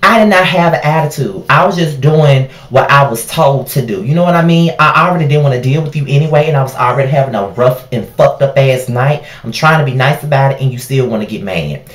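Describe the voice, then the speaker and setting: A man telling a profane, animated storytime vlog about a night at work. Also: medium pitch, fairly quick, few pauses, echoey room.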